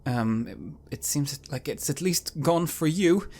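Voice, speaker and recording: A man's voice: a little high, lively intonation, unhurried, darkish tone. Hesitant stammering man playing a role. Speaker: player. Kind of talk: playing a character in a tabletop game.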